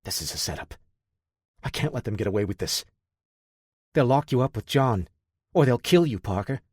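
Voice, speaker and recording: A man voicing an anxious woman scientist who speaks in a hushed, worried way, in an audiobook. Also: medium pitch, expressive, moderate pace, husky, no room sound, clean studio sound.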